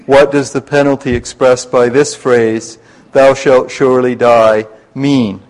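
A man leading a Bible study class, explaining scripture in a measured way and slowing down to spell out terms and quotes. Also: mid-range voice, fairly even intonation, darkish tone, low-quality recording.

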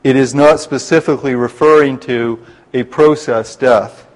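The audio is poor, but you can hear a man with a mid-range voice and fairly level intonation guiding a Bible study class. He walks through scripture carefully, slowing to spell out terms and quoted passages.

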